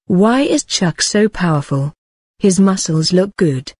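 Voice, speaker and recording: Woman reading uneasy young woman, husky, lowish. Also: lively intonation, a little slow, a little mellow, no room sound.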